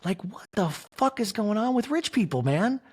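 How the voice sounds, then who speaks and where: A man's voice: high-pitched, sing-song, normal speed, a little mellow, breathy edge. A young man hosting a comedic reality TV recap podcast, riffing with exasperation and lots of laughter, his voice getting worn out. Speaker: podcast host.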